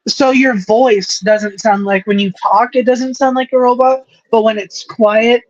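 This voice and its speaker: A woman's voice: on the high side, steady tone, unhurried, no echo. Woman cohost swearing her way through the game, dry dull lo-fi mic. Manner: profane, running play-by-play remarks. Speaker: podcast co-host. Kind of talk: casual chat while watching football.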